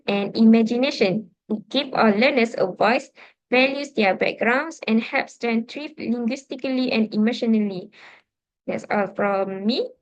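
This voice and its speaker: A woman student delivers a scripted class presentation in a steady, recited way. Her voice is slightly high. The recording sounds dull and lo-fi.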